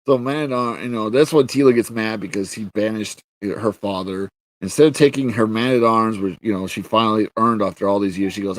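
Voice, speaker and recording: A man's voice: lowish voice, a little fast, hardly any pauses. A man reviewing a show in casual, ranting commentary, exasperated and profane, with lots of filler words.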